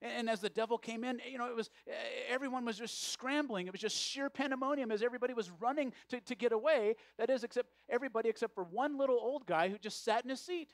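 A man's voice: very high voice, fast talker, hardly any pauses, no echo. A male pastor preaching a sermon, often repeating words as he restarts his phrases.

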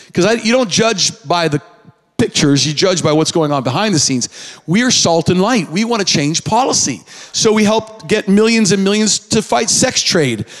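High-voiced preaching man in a hall. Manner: preaching with call-and-response to the congregation; animated, rising to emphatic high peaks. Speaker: pastor. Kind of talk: sermon. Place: church sanctuary. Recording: long hall reverb.

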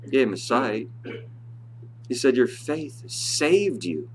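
A man preaching a church sermon, his voice swelling high and loud on scripture, then sinking low and quiet to explain. He sits at a middle pitch for a man. A faint hum runs under the recording. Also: big pitch swings, takes it slowly. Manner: impassioned preaching, reads scripture aloud in a rising voice and drops low to explain. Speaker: pastor.

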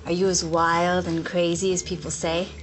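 A woman's voice: fairly low pitch, little pitch movement, moderate pace, soft background music, natural voice, rough recording. A woman playing a flirty dinner date.

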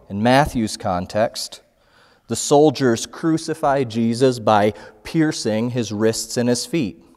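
A man preaching a sermon as pastor, slow and measured, reading scripture passages aloud. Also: medium pitch, darkish tone, big-room sound. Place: church sanctuary.

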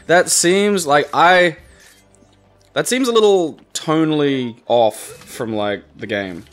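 A man co-hosting a let's play, chatting casually and joking around with quick wisecracks. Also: on the high side, animated, fairly bright tone, soft background music. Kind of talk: casual gameplay banter.

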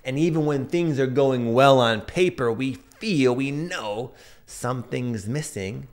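An astrology and energy reader in his thirties gives a casual, earnest astrology update, sharing personal stories as he reflects. His medium-pitched voice has lively intonation and an unhurried pace.

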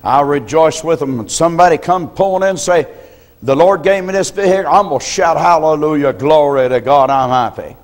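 An older man preaching a sermon as a pastor, telling folksy stories and often clearing his throat. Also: fairly high pitch, fairly quick. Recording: reverberant church hall.

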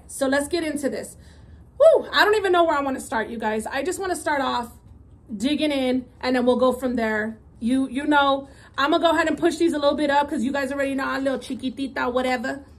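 Chatty high-voiced woman vlogger. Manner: chatty, upbeat, mixes in Spanish words. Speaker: mukbang vlogger. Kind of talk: casual food vlog talk to viewers. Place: home, indoors at a table.

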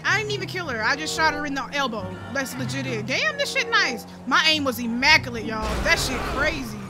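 A woman doing casual let's-play commentary, loud and playful, swearing often and talking to viewers and the game characters. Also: high voice, very animated, a little fast. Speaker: gaming streamer. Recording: game audio and music behind.

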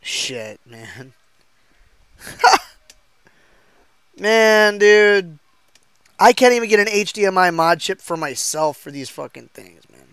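A man's voice: sits high, very animated, takes it slowly, long pauses, a bit bright, clean tone, no room sound. A man chatting casually while streaming a console mod, joking and swearing in a laid-back way. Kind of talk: casual livestream chat.

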